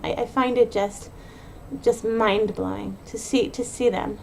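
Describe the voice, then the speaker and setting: A podcast host gives mothers an unscripted pep talk, speaking earnestly, rushing in bursts and repeating and restarting her phrases. Her woman's voice sits on the high side with vocal fry and a mellow quality, with a little hiss or hum in the audio.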